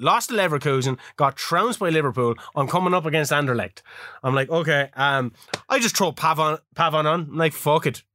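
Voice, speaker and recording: A man co-hosting a casual chat show, swearing freely and laughing often as he tells animated stories. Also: a little high, no room sound, studio quality. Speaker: podcast co-host.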